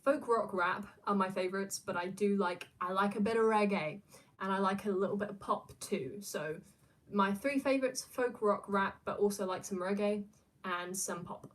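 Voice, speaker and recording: A woman's voice: mid-range voice, moderate pace. Woman, young adult, casual livestream chat, rambling, fillers and restarts. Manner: rambling, many fillers and restarts, laughs often. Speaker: streamer answering viewer questions.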